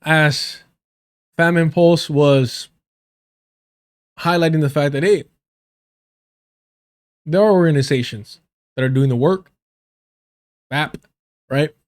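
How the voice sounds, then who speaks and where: Give me a man from the US hosting a livestream and picking apart a political debate. He rants in a heated, profane, sarcastic way, and his voice sits a little higher than most men's. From United States. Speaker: political commentary streamer.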